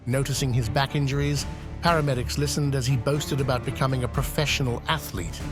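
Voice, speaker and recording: A man's voice: mid-range voice, steady tone, brisk. A man narrating in a scripted, matter-of-fact way. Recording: voice-over with music behind.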